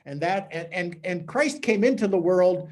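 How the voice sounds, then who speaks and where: A priest with a voice that sits high gives a conversational teaching talk to a small group at normal speed, telling stories in an animated way.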